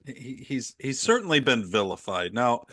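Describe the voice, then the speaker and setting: A man's voice: medium pitch, very animated, normal speed, a bit bright, dry recording. Middle-aged guy hosting a politics podcast, sarcastic, dry close mic. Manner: wry, sarcastic, laughs often. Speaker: podcast host. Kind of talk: casual opinionated chat.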